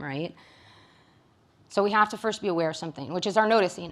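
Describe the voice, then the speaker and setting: Conversational woman psychologist, lowish voice. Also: rapid-fire. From Michigan. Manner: conversational, frequent tag questions. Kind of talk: presentation to caregivers.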